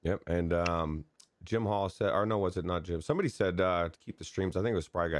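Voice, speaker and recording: A man with a very low voice co-hosts a gaming podcast, rambling loosely and excitably, often restarting his sentences. He is recorded dry and close to the mic. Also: brisk, no room sound. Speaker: podcast co-host. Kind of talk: casual chat about gaming news.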